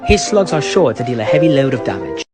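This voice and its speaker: A man's voice: medium pitch, very animated, fast talker, over loud music, close to an everyday voice. A man voicing a touchy street tough who talks in pompous, overly formal words, in a comedy skit.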